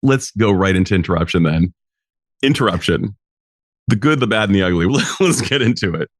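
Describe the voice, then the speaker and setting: Very deep voiced podcast host guy, reflective and enthused, dry close mic. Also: expressive, fast, dry recording. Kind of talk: interview conversation.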